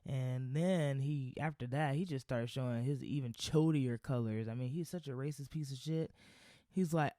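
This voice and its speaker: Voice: mid-range voice, steady tone, moderate pace, mellow, dry recording, studio quality. A podcast host ranting in a blunt, sarcastic, profane way, rambling with lots of fillers and restarts. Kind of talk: casual solo podcast rant.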